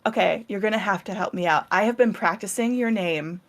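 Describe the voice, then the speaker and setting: A woman's voice: mid-range voice, a little fast. A woman interviewing a vtuber guest in a casual, bubbly way, giggling and stumbling over her words.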